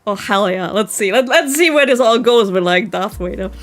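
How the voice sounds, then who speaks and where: A woman's voice: mid-range voice, expressive, normal speed. A young woman streaming live, reading a fanfic aloud and reacting to chat with giggly disbelief. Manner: giggly, incredulous, talks to chat. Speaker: virtual streamer.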